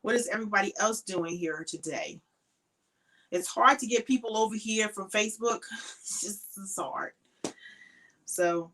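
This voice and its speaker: A tired woman chats through a crochet livestream from her craft shed at home. She greets viewers by name and trails off with ums. Her voice is bright and clear, with a mid pitch. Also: poor audio. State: tired, sleepy. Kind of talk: casual livestream chat.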